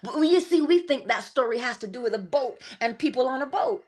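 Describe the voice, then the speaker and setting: Speaking from home in the early morning, a middle-aged woman leads a morning inspiration livestream. She preaches a lively spiritual message full of laughter and side comments, her fairly high, slightly breathy voice moving at a moderate clip with hardly a pause.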